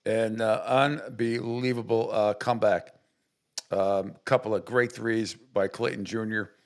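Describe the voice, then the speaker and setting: A man's voice: lowish voice, steady tone, a little slow. A man hosting sports talk radio, recapping a game conversationally with fillers.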